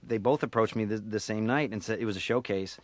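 A man with an upstate New York accent and a nasal voice, a voice actor telling stories in a casual radio interview, with quick turns into impressions. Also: on the low side, no room sound. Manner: animated storyteller, slips into impressions and laughs often. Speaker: voice actor guest.

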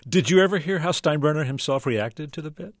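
A male radio interview host, speaking in a measured way as he sets up clips and asks questions. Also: on the high side, animated, no echo.

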